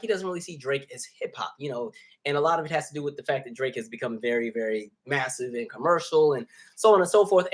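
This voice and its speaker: A man hosting a casual live stream, reading viewer comments and talking freely, animated and laughing often. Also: fairly high pitch. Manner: animated, laughs often, jumps between soft asides and loud bursts. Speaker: host.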